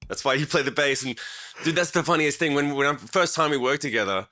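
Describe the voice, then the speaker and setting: A man's voice: medium pitch, quick pace, bright, forceful tone. A man who is a singer, chatting casually as a podcast guest in a recording studio, telling stories animatedly and swearing freely.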